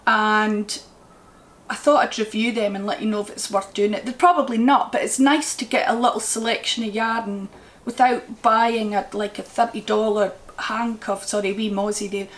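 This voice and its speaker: A woman with a Scottish accent chatting casually at home about yarn she bought, rambling and enthusiastic as she goes. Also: on the high side. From Scotland. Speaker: crochet vlogger. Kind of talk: casual yarn haul chat. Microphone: camera mic.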